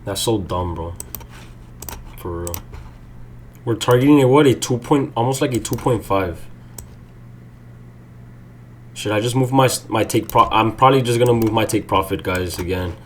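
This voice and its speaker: A young man livestreaming his day trading, swearing and swinging between low muttering and loud outbursts. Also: moderate pace, long pauses, a little hiss or hum. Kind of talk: live streaming commentary.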